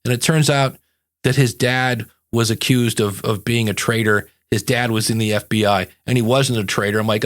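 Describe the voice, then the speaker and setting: A man hosting a podcast, his voice sitting at an ordinary middle pitch. He chats casually, rambling from one point to the next. Along the way he acts out quick little asides in an animated way. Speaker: podcast coach and host. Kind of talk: casual chat.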